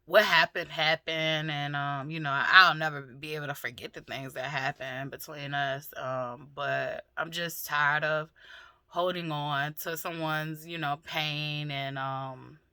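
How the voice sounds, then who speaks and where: A middle-aged woman talking candidly and emotionally in a personal vlog, swearing freely and pausing often with fillers. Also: sits low, fairly even intonation, pushed and bright, clean tone, dry recording, clean studio sound. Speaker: vlogger.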